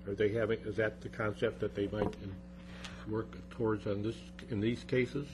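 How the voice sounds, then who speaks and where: A man serving as alderman, asking questions in a committee meeting in a halting way with repeated words. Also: on the low side, level tone. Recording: noisy meeting room recording.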